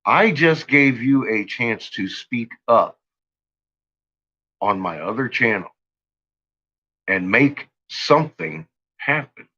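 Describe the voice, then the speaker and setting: Man, vlogger, angry swearing rant, halting restarts, mid-pitched voice, muffled lo-fi sound. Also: lively intonation, sharp tone, breathy edge. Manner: agitated, profane, stumbling restarts.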